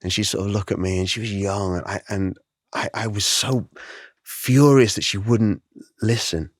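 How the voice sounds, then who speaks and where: A middle-aged man, a guest artist, telling his story in an interview, animated and emotional, acting out the voices he quotes. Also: on the low side, moderate pace, no echo, clean studio sound.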